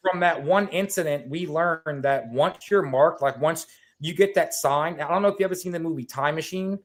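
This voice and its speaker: A man with a slightly higher voice, talking on a remote call and telling a story with lots of energy. He rambles, swears and piles on fillers as he goes. The call audio has that typical video-chat sound. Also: normal speed. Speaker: guest. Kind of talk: casual podcast chat.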